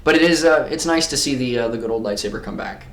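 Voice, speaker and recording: Man, podcast co-host, casual chat, thinking aloud with fillers, medium pitch, echoey room. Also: quick pace. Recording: roomy echo.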